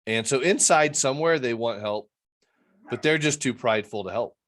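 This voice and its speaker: A man's voice: mid-range voice, moderate pace, fairly bright tone. A man with a mid-range voice talks as a guest on a video call about his intervention work. He rambles earnestly and slips into the voices of the people he quotes.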